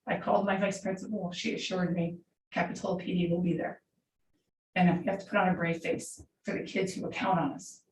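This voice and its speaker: A woman's voice: on the low side, little pitch movement, brisk, a little mellow. A woman in her forties, a middle school teacher, speaking earnestly and from the heart during public comment at a school board meeting. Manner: earnest, heartfelt, unscripted storytelling. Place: large meeting room. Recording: echoey room, distant mic, faint hiss.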